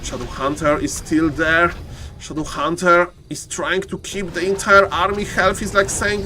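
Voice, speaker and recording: A man casting a live strategy game, excitable and joking, often addressing ladies and gentlemen. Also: high-pitched, normal speed, a little hiss or hum. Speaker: esports caster.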